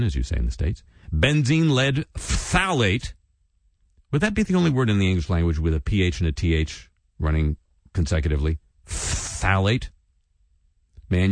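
A man's voice: deep voice, darkish tone, no echo, clean studio sound. A man hosting a satirical news commentary, reading items and adding sardonic asides and mock voices. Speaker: radio commentary host.

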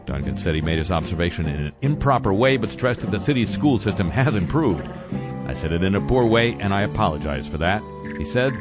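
A man with a very low voice reads a satirical news roundup in a deadpan way. He drops wry asides between the stories. A clear music bed with guitar plays underneath him. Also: brisk.

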